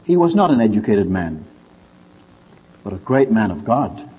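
Man, sermon storytelling, husky voice, swooping animated pitch, dull recording, long hall echo. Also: normal speed. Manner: lively storyteller with wide pitch swings. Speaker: preacher.

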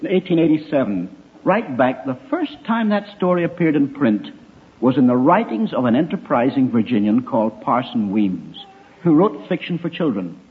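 A man's voice: mid-range voice, very animated, normal speed. An older man giving an emphatic evangelistic talk to young people, full of wry rhetorical questions. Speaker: speaker addressing young people. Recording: tinny phone-like recording.

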